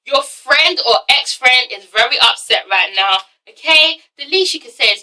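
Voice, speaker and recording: A woman giving a casual, opinionated video review, sassy and swearing freely with animated asides. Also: high-pitched, normal speed, hardly any pauses, far from the mic, poor audio. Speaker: reality TV reviewer.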